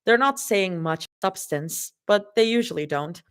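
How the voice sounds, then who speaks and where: A woman's voice: mid-range voice, lively intonation, a little slow, fairly bright tone, smooth. A woman doing a casual live reading of fanfiction, dropping in her own laughing asides. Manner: casual, laughs and swears between passages. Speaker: fanfiction reader.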